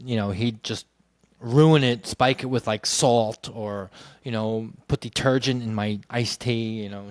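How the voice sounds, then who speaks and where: A man recounting his childhood in a loose, candid monologue. His voice sits in an ordinary middle pitch. He rambles and leans on 'you know', with casual swearing. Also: no room sound. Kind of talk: personal storytelling monologue.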